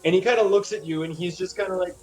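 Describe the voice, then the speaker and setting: A man's voice: sits high, steady tone, quick pace, faint music behind, low-quality recording. A man running a tabletop game as game master, describing scenes in a loose, rambling way, full of fillers and swearing.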